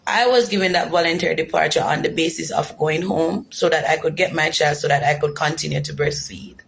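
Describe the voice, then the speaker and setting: Young Jamaican woman with a gravelly voice, earnest and emotional first-hand testimony. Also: deep voice, fairly quick, a little hiss or hum. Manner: earnest, emotional, repeats for emphasis. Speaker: former detainee telling her story. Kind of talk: personal testimony.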